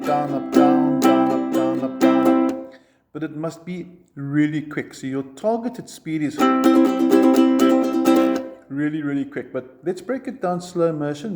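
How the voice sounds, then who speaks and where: A man's voice: a little high, dark tone. A man teaching a ukulele lesson, explaining chord shapes step by step and counting strums aloud. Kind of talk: music lesson.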